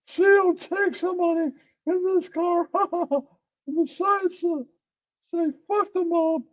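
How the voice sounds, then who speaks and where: A man's voice: dry recording, rough recording. A man telling a comic story, laughing constantly as he narrates. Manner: narrates through constant laughter, high giggly voice.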